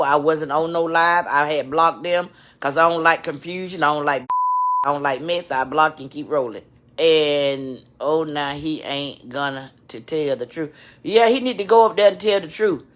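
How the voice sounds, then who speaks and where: Her voice is deep and fairly bright, moving at a moderate pace. Crying, this vlogger addresses her channel directly in a live-stream rant that's emotional, preachy and full of repetition.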